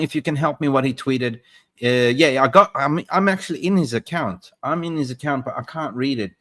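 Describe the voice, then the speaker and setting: A man hosts a live football stream. He rambles, repeats himself and chats straight to his viewers while hunting for posts on screen. His voice sits at an ordinary middle pitch for a man. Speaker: football livestream host.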